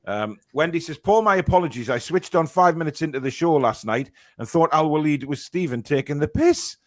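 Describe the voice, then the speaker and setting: A young man hosting a casual fan podcast, reading viewer comments aloud with lots of fillers and quick reactions. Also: a little high, lively intonation.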